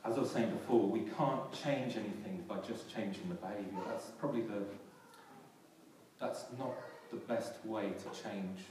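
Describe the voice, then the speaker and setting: A man's voice: lowish voice, normal speed. A male pastor preaching a sermon in a large church hall, earnestly restarting and repeating phrases and rising for emphasis. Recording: echoey hall from far off, faint noise.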